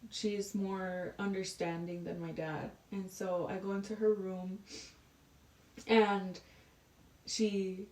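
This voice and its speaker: A woman's voice: mid-range voice, level tone, slow pace, a little mellow. Chatty young woman in an echoey room. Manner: chatty, frequent "like" fillers. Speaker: podcast guest. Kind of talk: casual personal storytelling. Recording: roomy echo, distant from the mic.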